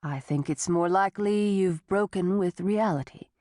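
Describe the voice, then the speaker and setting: A woman voicing a male doctor who speaks calmly, clinically and patronizingly. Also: lowish voice, normal speed, dry recording, studio quality, close to an everyday voice. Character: calm, condescending male doctor on the phone.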